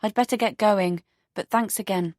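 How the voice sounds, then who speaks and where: A woman's voice: medium pitch, moderate pace, a little mellow, dry recording, voice pushed up, lightly acted. A woman voicing an anxious heroine who speaks politely but guardedly, close to her own reading voice. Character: anxious young woman, the first-person heroine.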